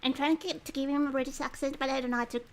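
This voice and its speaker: A woman's voice: high voice, steady tone, very fast, slight background noise. A woman streamer chatting casually and giggling while she reads a game aloud between bites of dinner. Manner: chatty and giggly, eating and talking with food breaks.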